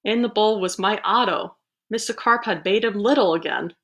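A woman librarian reads a picture book aloud at a middling pitch. She is animated and breaks in with playful asides between pages. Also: normal speed, muffled recording. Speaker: children's librarian. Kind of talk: storybook read-aloud.

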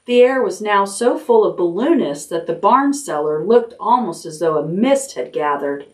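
A woman librarian reading a chapter book aloud at bedtime in a gentle, expressive storytelling way. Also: medium pitch, moderate pace, hardly any pauses. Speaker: children's librarian. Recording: voice a little distant from the mic.

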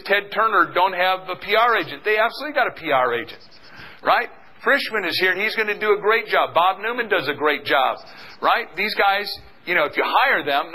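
Man, middle-aged, seminar speaker, energetic call-and-response, bright tense voice. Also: high-pitched, rough recording. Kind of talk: motivational seminar talk.

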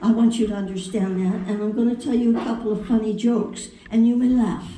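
A woman's voice: a little high, fairly even intonation, a little fast, mellow. An older woman, a voice actress, telling playful, theatrical anecdotes to a convention audience. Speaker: voice actress at a fan convention panel. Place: large convention hall. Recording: echoey hall, mic from far off, faint noise.

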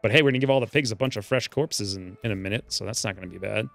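A man's voice: on the low side, very fast, creaky, no echo, soft background music. A man giving casual, joking commentary over a game, now and then ranting in character as his angry dwarf. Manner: joking, animated, voices his dwarf's rants. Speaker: let's play host.

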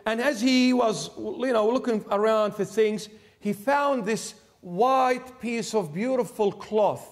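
A male bishop preaching in a church with a notably high voice. He tells his story in an animated, conversational way, acting out the speakers he quotes, and drops to a low hush to get attention. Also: a little slow. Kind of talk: sermon storytelling.

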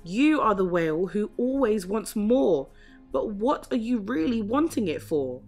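A woman voicing a clever, kind young female crab in a storybook read-aloud, calling out loud warnings. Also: lowish voice, lively intonation, unhurried, vocal fry, faint music behind, full character voice. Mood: urgent shouting. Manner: shouts urgent warnings.

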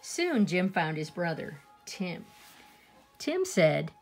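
Slow, gravelly woman reading a picture book. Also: on the low side, soft background music. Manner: expressive, asides to listeners. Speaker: storyteller. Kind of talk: children's book read-aloud.

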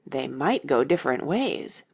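A woman reading the part of a polite, earnest young girl who answers gravely in a fairy-tale audiobook. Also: very deep voice, very animated, unhurried, darkish tone, heavily acted.

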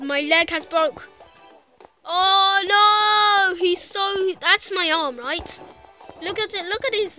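A woman commenting on a physics game she is playing, excitable and teasing, trash-talking the crash dummy on screen. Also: extremely high pitch. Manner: excitable, shouts and trash-talks the game character. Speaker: gameplay commentator. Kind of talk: excited let's-play commentary. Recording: loud game music behind.

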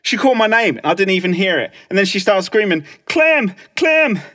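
Whispered song cover: man, high voice, soft half-whispered storytelling, lo-fi close mic. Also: quick pace. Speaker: ASMR performer.

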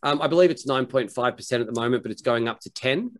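A man's voice: mid-range voice, fast talker. Chatty man saying mate. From Australia. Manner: chatty, says mate a lot, many restarts. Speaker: host. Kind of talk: casual interview chat.

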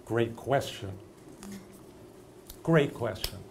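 An older man teaching acting, talking in an animated, emphatic storytelling way. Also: medium pitch, drawn-out words, creaky, slight background noise. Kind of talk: masterclass discussion.

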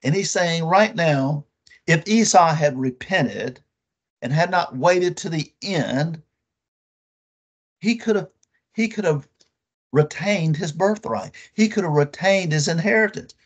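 A man preaching a sermon with emphatic, drawn-out phrases and rhetorical questions to his listeners. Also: on the high side, animated.

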